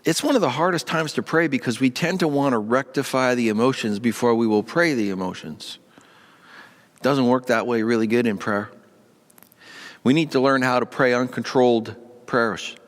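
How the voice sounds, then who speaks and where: A man's voice: mid-range voice, moderate pace, long reverb tail. A male pastor giving a short, earnest devotional talk in a conversational tone, lifting his voice when he stresses strong feelings.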